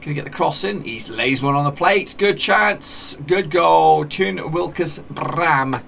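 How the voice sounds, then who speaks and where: A man's voice: fairly high pitch, slow pace, creaky, fairly bright tone, slight background noise. A man chatting casually as he plays a football management game, narrating the matches like a commentator and often correcting himself as he talks. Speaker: gaming YouTuber.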